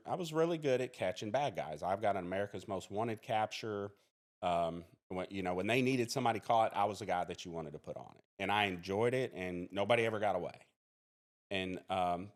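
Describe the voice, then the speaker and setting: Man from mississippi, forties, low voice, earnest, plainspoken, restarts sentences. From Mississippi, USA. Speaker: podcast guest, criminology professor and police officer. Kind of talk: interview storytelling.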